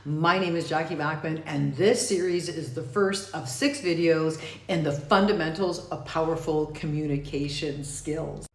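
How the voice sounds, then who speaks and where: A woman communication coach teaching to camera, emphatic, slowing down to stress key words. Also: deep voice, roomy sound.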